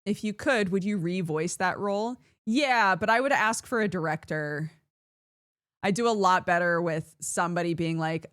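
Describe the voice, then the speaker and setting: A woman streamer in casual chat with viewers, animated and laughing often as she reads chat aloud. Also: lowish voice, moderate pace, clear, resonant tone, no echo, clean studio sound.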